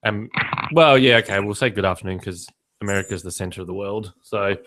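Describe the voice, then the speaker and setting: A man's voice: on the low side, a little fast, a bit bright. A man co-hosting a writing podcast in casual chat, telling stories with lots of fillers and jokes. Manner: chatty, jokey storyteller with frequent fillers. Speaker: podcast co-host. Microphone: remote call, some echo.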